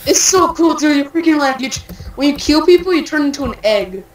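A young woman chatting while playing a video game, excitable and trash-talking, stammering when flustered. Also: sits high, brisk, slight background noise, rough recording. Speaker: gamer. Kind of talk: casual gaming chat.

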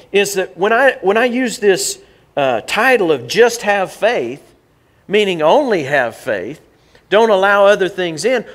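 Folksy pastor preaching. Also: male voice, on the high side, fairly bright tone. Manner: folksy and conversational, rising for emphasis. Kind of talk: sermon.

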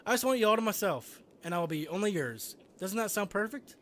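A man reading a video game's lines as an obsessive, lovestruck teenage girl, in a soft, intense voice. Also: high-pitched, expressive, a little fast, a little hiss or hum. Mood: pleading. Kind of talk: voicing game dialogue.

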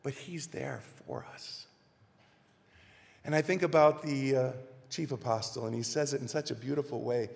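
A man's voice: mid-range voice, steady tone, normal speed, vocal fry, a little mellow. A man preaching a sermon as minister, speaking earnestly and addressing the congregation directly, recorded in a church sanctuary. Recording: reverberant church live stream.

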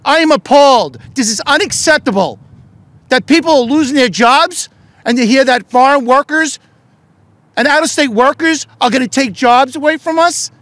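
Speaking at normal speed with an extremely high pitch, a middle-aged union leader and politician shouts with passion at a press event. He peppers his speech with rhetorical questions, and there's no echo.

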